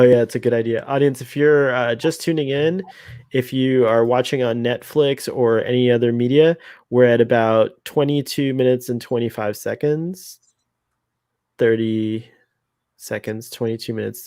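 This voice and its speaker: A man co-hosts a laid-back fan commentary podcast, chatting away, laughing often, and wandering into tangents. His voice is medium in pitch and a bit mellow, with fairly even intonation and a normal speaking speed. The recording is dry and clean, with a studio sound.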